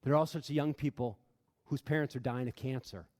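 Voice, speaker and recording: A man giving an impassioned talk to an audience in a large room. He tells stories earnestly, building to loud, emphatic bursts and then dropping quiet. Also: mid-range voice, steady tone, brisk. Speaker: speaker addressing an audience. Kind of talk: impassioned public talk with storytelling. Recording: reverberant hall sound.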